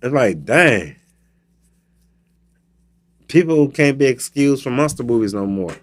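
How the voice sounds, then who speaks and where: A man's voice: mid-range voice, unhurried. A man with a Southern American accent hosting a radio show, telling a casual, comedic story and acting out scenes as he goes. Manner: animated storytelling, acts out scenes.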